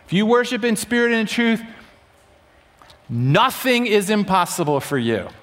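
Male preacher with a slightly high, very lively voice; dramatic sermon delivery that moves from loud to hushed. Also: normal speed. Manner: dramatic, swings between loud urgency and hushed emphasis. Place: room with a congregation.

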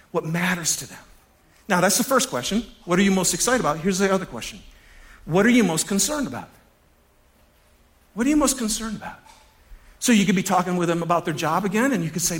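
A pastor giving a casual sermon to his congregation, animated, chuckling often and repeating key phrases. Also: sits high.

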